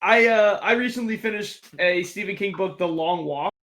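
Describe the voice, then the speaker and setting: A man's voice: high-pitched, normal speed, fairly bright tone. A man co-hosting a podcast, casually rambling through a story with fillers. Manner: rambling, summarizing a book. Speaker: podcast co-host. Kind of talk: casual chat.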